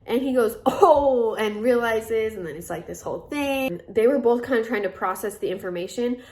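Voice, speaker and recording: A woman's voice: a little high, lively intonation, moderate pace, darkish tone. A woman in her twenties casually telling a personal story, chatty and full of fillers, acting out the lines of the people in it. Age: 20s. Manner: chatty, filler-heavy retelling with many quoted asides. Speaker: vlogger.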